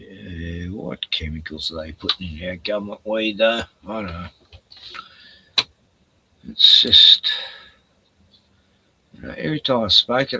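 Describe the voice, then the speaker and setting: A man's voice: lowish voice, bright, forceful tone, husky. An older man rambling casually on his livestream, profane and chuckling as he talks to his chat. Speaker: livestream host.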